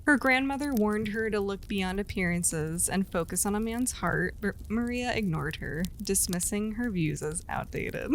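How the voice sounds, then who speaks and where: A woman's voice: medium pitch, expressive, normal speed, few pauses, slight background noise, poor audio. Giggly woman telling a ghost story. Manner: laughs often, retells a legend with asides. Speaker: podcast co-host. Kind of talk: casual storytelling chat.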